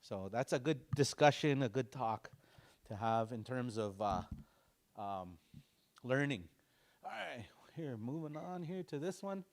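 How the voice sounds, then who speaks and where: A man's voice: medium pitch, expressive. A man teaching a language class, explaining pronunciation patiently and repeating sounds aloud for students to copy. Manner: explains slowly, repeats sounds aloud for practice, chuckles often.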